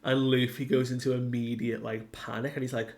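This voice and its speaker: A man's voice: medium pitch, flat delivery, a little fast. A man casually recapping a comic chapter, rambling and leaning on "like" while he paraphrases what the characters say. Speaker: manga reviewer.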